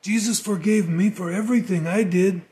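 A man voicing a kind young Christian man who speaks gently and sometimes fumbles for words in a storybook reading. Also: sits high, steady tone, normal speed, voice pushed up, lightly acted. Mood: earnest.

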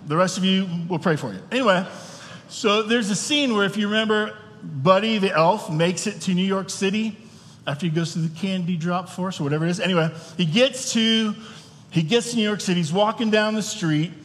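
A man's voice: high voice, fairly quick. A man preaching a sermon as pastor, talking in a conversational way and often checking in with the room. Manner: conversational, asks the room questions. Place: church hall. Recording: long reverb of a church hall.

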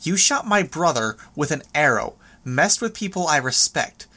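A man's voice: on the high side, very animated, moderate pace, sharp tone, exaggerated voice. A brash, foul-mouthed young woman fires off blunt, mocking lines at speed, voiced by a man narrating an audiobook. She sounds cocky and irreverent.

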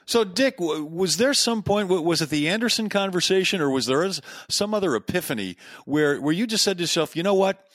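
A man asks a long question in a playful way. His voice sits a bit high. The sound is dry, with no room echo. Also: expressive, fairly quick, hardly any pauses, fairly bright tone. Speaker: interviewer. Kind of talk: interview questions.

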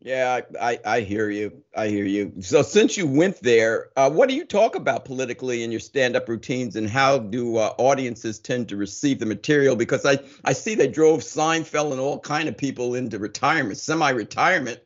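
A man's voice: mid-range voice, expressive, brisk, hardly any pauses. A man hosting an interview, asking questions casually and often stumbling over repeated words as he starts. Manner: hesitant, repeats words when starting sentences. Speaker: interview host. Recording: dull lo-fi audio.

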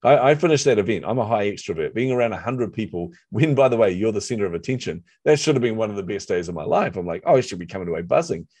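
A middle-aged man with a New Zealand accent, telling a personal story in a lively, self-deprecating way during a conversation. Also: on the low side, fast talker, few pauses, husky, no room sound. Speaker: author and marketer, guest.

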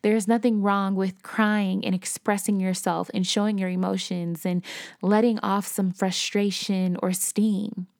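A woman's voice: mid-range voice, level tone, a little slow, gravelly, darkish tone, no echo, clean studio sound. A young woman hosting a podcast, telling a personal story in a candid, conversational way. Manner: candid, conversational, acts out quotes. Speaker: podcast host.

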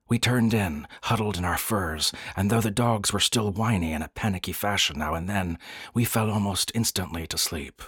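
A man narrating a pulp science fiction story in a measured, dramatic way. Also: on the low side, a bit bright, breathy edge, dry recording, clean studio sound.

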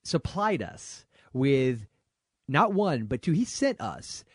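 Lively, joking man on a podcast. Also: mid-range voice, slow pace, husky, dry recording, studio quality. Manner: animated, joking, stumbles and restarts. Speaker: podcast co-host. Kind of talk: casual movie podcast chat.

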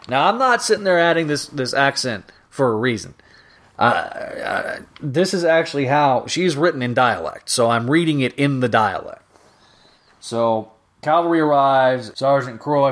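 A man's voice: medium pitch, lively intonation, moderate pace, a bit bright. A man hosting a podcast alone, recapping a comic story in a rambling, self-correcting way. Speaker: podcast host. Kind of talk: casual solo comic recap.

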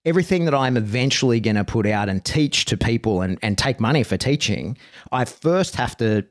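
A man's voice: medium pitch, expressive, a little fast. A man hosting a podcast about dog training, chatting casually and rambling, peppering his talk with "right?" and "like" and the odd swear word.

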